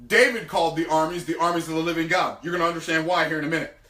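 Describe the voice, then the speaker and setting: A man preaching a sermon, retelling scripture in lively everyday speech. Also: on the high side, rapid-fire, roomy sound, distant mic. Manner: animated, retells scripture in casual everyday talk. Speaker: preacher teaching on business and faith.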